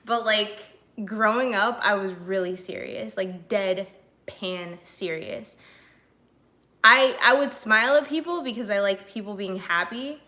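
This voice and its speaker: A young woman chats with her stream audience in a bright, sharp voice. She rambles casually with lots of fillers and breaks into laughs while answering viewers. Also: mid-range voice, measured pace. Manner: chatty and animated, many fillers, laughs often; reads and answers chat messages.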